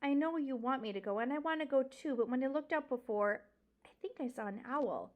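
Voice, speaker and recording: A woman's voice: high voice, brisk, close to an everyday voice. A woman voicing a timid young female mouse, earnest and easily frightened. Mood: anxious. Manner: frightened, pleading.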